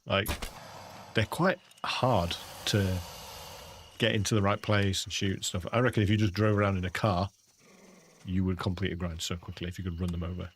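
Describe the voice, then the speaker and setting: A chatty English man with a low voice and a gravelly, creaky edge, talking casually to his viewers. He keeps the commentary relaxed and friendly and keeps calling people mate. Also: quick pace, slight background noise. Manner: chatty, laughs often, calls viewers "mate". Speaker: gaming livestreamer.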